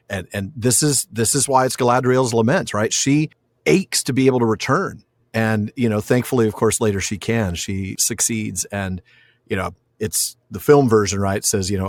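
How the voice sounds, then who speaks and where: A man's voice: fairly low pitch, normal speed, dry recording. A man hosting a podcast, chatting casually and eagerly reading passages aloud. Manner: enthusiastic, reads passages aloud. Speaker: podcast host and scriptwriter.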